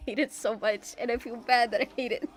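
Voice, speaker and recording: A woman's voice: a little high, steady tone, fairly quick. A young woman streamer chatting casually while she draws, rambling and self-mocking, with a bit of swearing. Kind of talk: casual chat while drawing.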